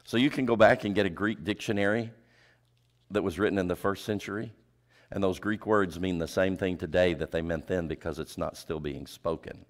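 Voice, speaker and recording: A male preacher giving a sermon, asking the congregation rhetorical questions and dropping his voice low for emphasis. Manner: drops pitch and volume for emphasis.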